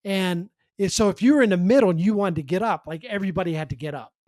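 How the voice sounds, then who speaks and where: A man with a high voice tells press box stories on a sports podcast, bouncing between quick bursts and quieter asides. He acts out the people in his stories and restarts his sentences often. The sound is close and dry, with almost no room around it. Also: dry recording. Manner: animated storyteller, acts out quoted voices, many restarts. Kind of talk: casual storytelling chat.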